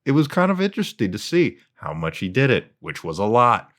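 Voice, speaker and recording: A man's voice: medium pitch, very animated, a little fast, a bit bright. A man giving casual comedic commentary, talking in a playful, mocking way while he parodies an exaggerated sing-song script-reading tone. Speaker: video commentator.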